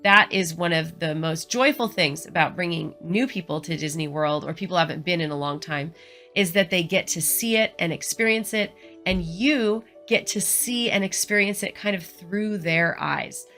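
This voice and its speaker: A woman's voice: lowish voice, moderate pace, sharp tone, soft background music. A middle-aged woman vlogging travel advice in an earnest, encouraging, chatty way. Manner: earnest, encouraging, chatty with frequent "you know". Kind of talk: casual advice vlog.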